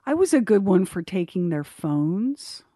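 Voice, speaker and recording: A woman's voice: mid-range voice, big pitch swings, mellow, no room sound, studio quality. A middle-aged woman co-hosting a radio show, teasing her partner playfully in casual banter. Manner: teasing, playful, quick to laugh. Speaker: radio co-host.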